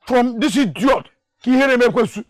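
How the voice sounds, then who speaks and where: A drunk, mocking villager. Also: male voice, extremely high pitch, expressive, moderate pace, no echo, clean studio sound. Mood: drunken demanding. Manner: mocking, rambling, stammering. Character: drunken boastful village man, insulting. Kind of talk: Nollywood film acting.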